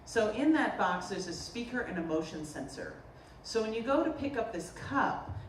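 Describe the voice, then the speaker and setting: A woman from the Boston area, a potter giving a humorous artist talk, telling stories in an animated, joking way. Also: mid-range voice. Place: lecture room at a festival. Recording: roomy, distant mic, faint noise.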